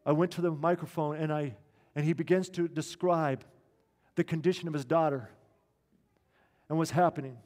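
An earnest male pastor tells a story from the pulpit and slows down to stress its key lines. His voice sits a little high for a man and carries a long hall reverb. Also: darkish tone. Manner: earnest, slowing down for emphasis. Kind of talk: sermon storytelling.

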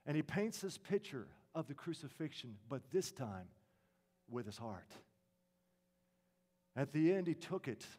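A man preaching a sermon, telling a story dramatically and dropping to a hush at emotional moments. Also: on the high side, very animated, unhurried, pauses often.

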